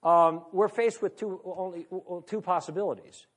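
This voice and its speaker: A man's voice: high voice, fairly even intonation, moderate pace. A man lecturing an audience in a conversational, wry way, leaning on rhetorical questions. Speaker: speaker.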